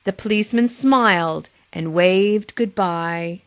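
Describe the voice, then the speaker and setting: A woman's voice: mid-range voice, takes it slowly. A woman teacher with a Boston accent reading a picture book aloud to young children, with playful asides to them.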